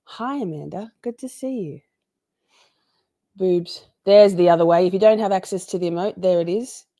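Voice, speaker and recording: A chatty woman hosts a casual livestream and greets her viewers one by one. Her voice sits fairly low and mellow, recorded close and dry with no room sound. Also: normal speed, no echo. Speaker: livestream host.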